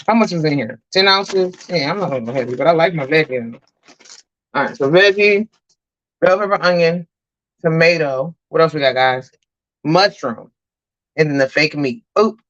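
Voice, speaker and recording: A woman's voice: sits low, expressive, normal speed, long pauses, lo-fi sound. A woman chatting with her viewers while she cooks on a live stream, calling them y'all. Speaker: cooking vlogger. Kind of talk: live-stream cooking chat. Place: home kitchen.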